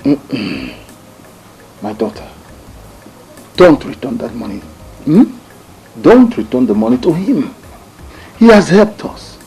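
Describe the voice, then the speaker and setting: A man plays a father gently advising his daughter. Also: mid-range voice, wildly swooping pitch, slow pace, gravelly, long pauses, slightly rough, faint music behind, full character voice, low-quality recording. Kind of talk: film drama acting.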